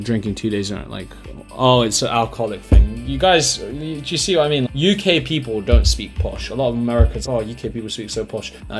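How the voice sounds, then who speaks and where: A young man with a fairly low voice gives casual commentary, reading chat messages aloud and mocking them in blunt, slangy asides. Faint music plays quietly behind him. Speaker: dating advice creator.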